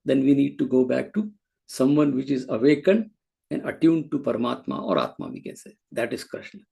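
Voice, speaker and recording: A man's voice: mid-range voice, animated, brisk, creaky, mellow, slightly rough. A man teaching a scripture class, explaining patiently with frequent restarts. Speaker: spiritual teacher.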